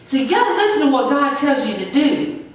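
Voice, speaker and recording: A woman's voice: sits high, very animated, a little fast, slight background noise. A woman pastor preaching a sermon with emphatic call-and-response. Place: church sanctuary. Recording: echoey church from far off.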